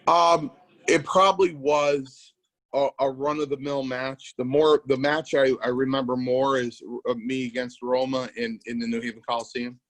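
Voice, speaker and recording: A man's voice: medium pitch, level tone, moderate pace, a bit bright, dry recording, low-quality recording. Man telling stories over a dry mic. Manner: rambling anecdotes with acted-out quotes. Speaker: podcast co-host, former wrestler. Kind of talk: casual storytelling chat.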